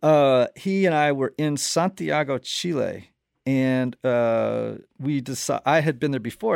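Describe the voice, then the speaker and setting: A man hosting a casual interview, telling stories in an animated way and laughing often. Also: mid-range voice, measured pace, creaky, no echo, clean studio sound. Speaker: podcast host.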